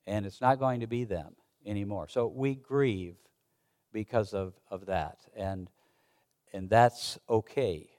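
His voice sits on the low side with a darkish tone as the pastor reads archaic scripture. The sermon comes out conversational and halting, with many restarts.

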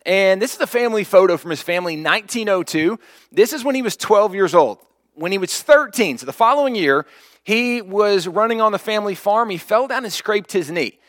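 A pastor preaching, telling a story with lively, acted-out quotes. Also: male voice, high-pitched, fairly quick, dry recording, clean studio sound. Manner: animated storyteller, acts out quoted lines. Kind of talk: sermon storytelling.

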